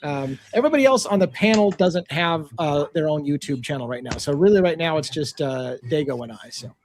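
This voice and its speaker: A man's voice: on the high side, animated, fairly quick, a little hiss or hum. A man hosting a casual livestream talk show, speaking in a friendly, easygoing way.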